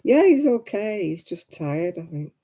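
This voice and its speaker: A woman's voice: medium pitch, sing-song, a little slow, mellow. A woman hosting a casual crafting livestream, sleepy and yawning, chatting with viewers and laughing often. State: drowsy and yawning.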